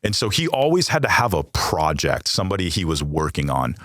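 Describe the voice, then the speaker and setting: Deep-voiced and very animated, an American man talks briskly as a podcast guest, recounting something personal with candor and plenty of profanity. His tone is fairly bright, and the clean studio recording has no room sound.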